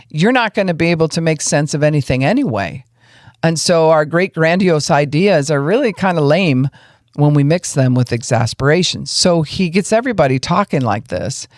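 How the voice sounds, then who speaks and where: Woman pastor-host, casual folksy teaching, lively, acts out examples; close, dry podcast mic. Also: sits low, dry recording. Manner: folksy, animated, acts out what she describes.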